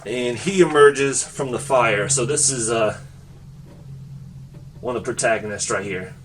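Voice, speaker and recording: A laid-back man talks through a comic review in a loose, chatty way, full of fillers and easy laughs. His voice sits at an ordinary middle pitch. He sounds a little distant from the microphone. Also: a bit bright, a little hiss or hum. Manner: easygoing, laughs along while retelling. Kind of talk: casual spoken review.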